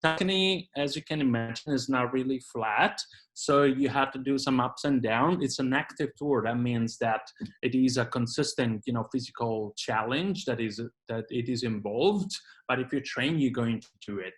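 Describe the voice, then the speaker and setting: A man's voice: medium pitch, normal speed, poor audio. A man from Italy with an Italian accent, leading a virtual tour over a video call in an enthusiastic, informal way with lots of fillers. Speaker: tour leader. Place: home in Canada, indoors.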